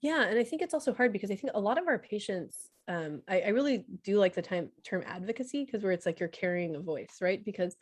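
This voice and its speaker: A woman ICU doctor giving a casual, chatty talk full of fillers and quick laughs, over a video call. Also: mid-range voice, animated, no room sound, clean studio sound.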